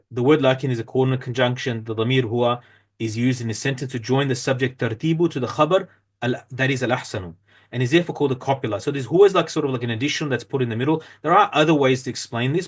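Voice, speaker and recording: A medium-pitched man teaches an Arabic grammar lesson, reading from a textbook and explaining step by step. He uses plenty of fillers and corrects himself often.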